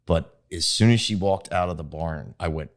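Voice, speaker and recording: Deep-voiced young man telling stories. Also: normal speed. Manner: easygoing storyteller, laughs at himself. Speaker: interview guest, groom. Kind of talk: casual podcast conversation.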